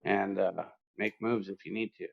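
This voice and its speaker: A man's voice: sits low, steady tone, moderate pace, gravelly, husky. A man co-hosting a casual podcast, laid-back, cursing freely, giving an earnest little pep talk. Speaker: podcast co-host. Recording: dull lo-fi sound.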